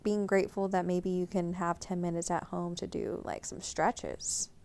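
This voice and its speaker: A woman's voice: lowish voice, little pitch movement, moderate pace, darkish tone. A woman co-hosting a podcast, chatting casually and giving encouraging, practical tips. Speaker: podcast co-host. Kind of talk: casual chat.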